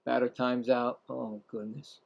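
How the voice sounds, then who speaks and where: A man's voice: medium pitch, level tone, measured pace, creaky, lo-fi sound. A man hosting casual live baseball play-by-play, rambling, self-mocking, and often stumbling and correcting himself. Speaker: play-by-play host.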